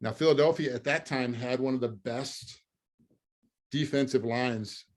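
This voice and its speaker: A man in his fifties spins lively stories as an interview guest, chuckling through the punchlines and filling pauses with plenty of ums and uhs. His voice sits at an ordinary middle pitch for a man. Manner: lively storyteller, laughs through punchlines, many fillers. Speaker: guest, former pro football lineman. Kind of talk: storytelling interview.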